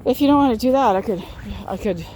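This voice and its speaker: A woman imitating a smooth-talking, dismissive male doctor while retelling a story. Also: fairly high pitch, animated, quick pace, warm tone, slight background noise, natural voice, poor audio. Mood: breezy.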